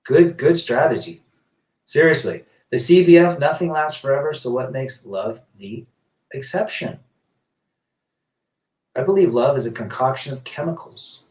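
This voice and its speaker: A man's voice: medium pitch, animated, normal speed, pauses often, darkish tone, reverberant, far from the mic. A man hosting a casual live stream, reading viewer comments aloud and answering in a rambling, blunt way with many restarts.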